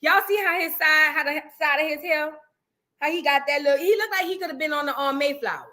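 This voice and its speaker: Bright, high-pitched sassy woman host. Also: a little fast. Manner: sassy, rambling, slangy, shouts out viewers by name. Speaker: host of a reaction livestream. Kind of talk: casual livestream commentary reading chat.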